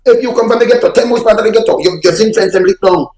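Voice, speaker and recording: A man's voice: high-pitched, racing, roomy sound, noisy background. A man with a Jamaican Patois accent hosting a reaction show, ranting, insulting and swearing as he comments on clips. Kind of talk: heated commentary on played clips.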